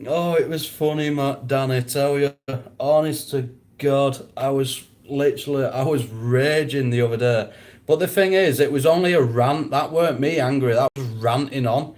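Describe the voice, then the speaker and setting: A man's voice: medium pitch, normal speed, a little mellow. A man chatting casually on a live stream, answering viewers, rambling and often breaking into laughter.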